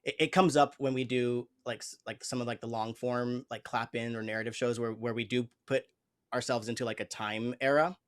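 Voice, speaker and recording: Here the host of a conversational interview speaks fairly quickly, with a medium pitch and fairly even intonation. He is an improv teacher, and he explains his thinking in an earnest, reflective way while often hunting for words.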